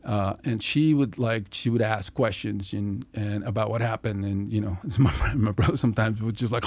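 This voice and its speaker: A middle-aged man telling stories as a podcast guest, animated and swearing freely as he acts out what people said. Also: fairly low pitch, normal speed, gravelly, no room sound. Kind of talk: casual storytelling.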